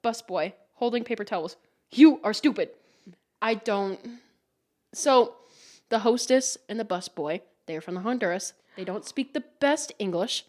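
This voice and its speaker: A woman's voice: medium pitch, normal speed. A young woman hosting a podcast, telling stories in a casual chat, swearing and laughing often. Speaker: podcast host.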